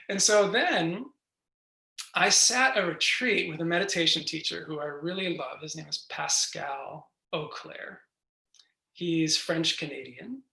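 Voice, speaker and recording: Gentle, slow meditation teacher in echoey room. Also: medium pitch, vocal fry. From New York. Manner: gentle, reflective, unhurried, with soft laughs. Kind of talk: guided meditation talk. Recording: roomy echo.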